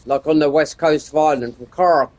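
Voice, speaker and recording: A man's voice: a little high, fairly even intonation, brisk, a little mellow. A man, chatting casually and meandering while streaming a game. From United Kingdom. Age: 50s. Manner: meandering, digressive, frequent restarts. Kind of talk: casual rambling chat while gaming.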